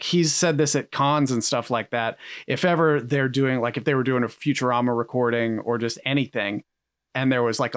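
A man co-hosting a podcast, telling a story in a lively way and laughing often. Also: medium pitch, no room sound, studio quality. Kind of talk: casual chat.

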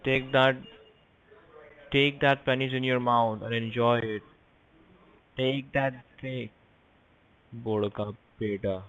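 A man's voice: medium pitch, fairly even intonation, slow pace, pauses often, a bit bright. A man on a phone call, angry and abusive in broken English. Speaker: scammer on a call. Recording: muffled phone-line audio.

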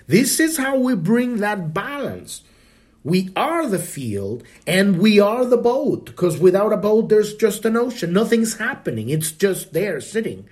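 A man's voice: sits high, darkish tone. A man hosting a spiritual podcast, talking casually, swearing freely and often restarting his sentences. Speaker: podcast host. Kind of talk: spiritual talk.

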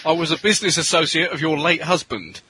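A man voicing a big, smooth-talking middle-aged gangster in a lowered, deliberate voice. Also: pushed and bright, slight background noise. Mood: courteous.

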